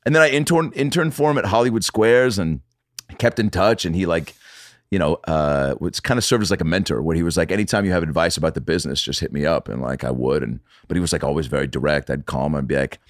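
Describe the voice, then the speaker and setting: A man's voice: low-pitched, quick pace, no room sound, studio quality. A man chatting casually as a podcast guest, telling stories with lots of swearing and acted-out quotes. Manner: animated storyteller, swears, acts out quotes. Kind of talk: casual chat.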